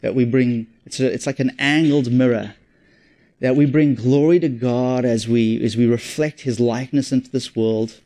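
A man's voice: medium pitch, normal speed, mellow. A man with a South African accent preaching a sermon in an earnest, conversational way, often repeating and restarting his phrases. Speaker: pastor.

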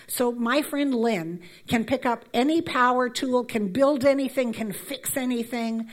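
A woman's voice: fairly high pitch, measured pace. A woman in her fifties from Canada, giving a conversational church talk with many fillers and friendly asides. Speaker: church speaker. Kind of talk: conversational sermon.

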